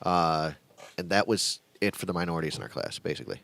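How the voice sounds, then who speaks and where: A man's voice: sits low, expressive, fast talker, vocal fry, fairly bright tone. A man hosting a casual chat podcast, rambling and repeating words as he talks, with some swearing. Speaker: podcast host. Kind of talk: casual chat over drinks.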